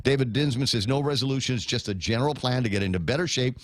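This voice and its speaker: A man's voice: mid-range voice, fast talker. A middle-aged man hosting a morning talk radio show, rambling with many fillers and restarts as he reads out listener comments. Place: radio studio.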